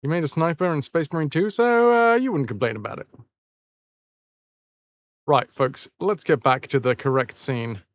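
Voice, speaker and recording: A man's voice: on the high side, normal speed, long pauses, dry recording. A British man streaming live, reading a story aloud, stopping to repeat and fix words and swearing at himself. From Britain. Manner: self-correcting, swears, repeats words to practise them.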